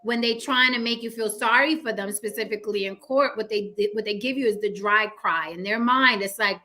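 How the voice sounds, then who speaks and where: A woman hosting a casual chat, talking animatedly and mimicking fake crying with high squeals. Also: a little fast, pushed and bright. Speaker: podcast host.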